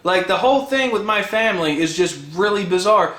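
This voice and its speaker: A young man ranting in a vlog, swearing a lot and bursting into shouts. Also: high voice, lively intonation, fairly quick, roomy sound. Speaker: vlogger.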